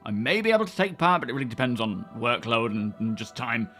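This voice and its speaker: Young man, streamer, casual chat, bright tone, faint music underneath. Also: mid-range voice, big pitch swings, fast talker. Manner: chatty, greets viewers by name.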